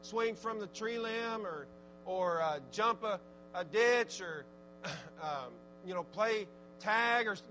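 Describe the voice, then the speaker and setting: A man preaching a sermon, swinging from fervent exhortation to low, conversational asides. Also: takes it slowly, a little hiss or hum, poor audio. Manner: rising to fervent shouted exhortation, then dropping low and conversational.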